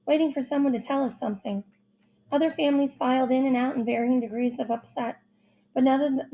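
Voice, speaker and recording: A woman reading a first-person children's novel aloud with expressive, youthful storytelling. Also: high-pitched. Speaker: audiobook narrator.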